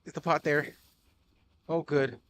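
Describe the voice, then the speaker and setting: A young man giving excitable live gameplay commentary, swearing often, calling everyone bro and dude, and panicking in repeated shouts. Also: on the high side, unhurried. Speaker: gaming streamer.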